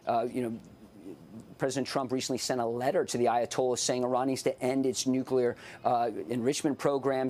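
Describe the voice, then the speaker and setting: A man with a mid-range voice reports for a television newscast. He is measured and explanatory, and he pauses often on "uh" while laying out details. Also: medium pitch, a little mellow, slight background noise. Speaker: military news correspondent. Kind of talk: broadcast news report.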